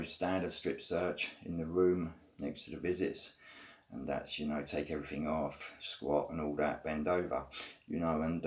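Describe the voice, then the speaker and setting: A man's voice: deep voice, darkish tone. A man, telling his own prison stories in loose, rambling casual talk, full of fillers and blunt swearing. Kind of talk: casual first-person storytelling.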